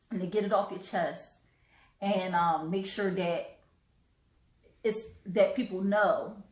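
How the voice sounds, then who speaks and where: A woman hosting a live stream, talking earnestly with halting restarts and repeated words, choked up and coughing now and then. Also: mid-range voice, roomy sound, rough recording. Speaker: host.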